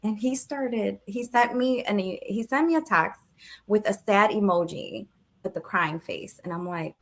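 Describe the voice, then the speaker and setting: A woman's voice: mid-range voice, measured pace. A woman in her thirties, co-hosting a podcast, telling a personal story in a casual way, acting out quoted dialogue and laughing now and then. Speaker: podcast co-host.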